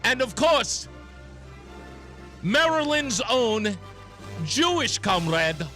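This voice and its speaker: Male host doing a slow, high, mocking Russian-accented announcer for a talk radio parody. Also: very animated, pushed and bright, soft background music, exaggerated voice. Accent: put-on Russian accent. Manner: mocking, theatrical, chuckling. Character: mock Soviet announcer man, gloating.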